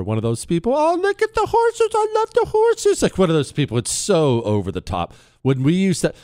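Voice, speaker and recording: A man hosting a talk radio show from a studio, telling a story in a casual, animated way. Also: medium pitch, dry recording. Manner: animated storyteller, laughs at his own tale. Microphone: studio microphone.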